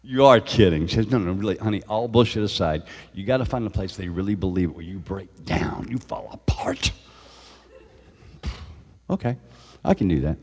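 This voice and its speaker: A man telling animated stories as a guest, often laughing as he talks. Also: sits low, fast talker, few pauses, big-room sound. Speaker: guest actor. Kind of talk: casual storytelling.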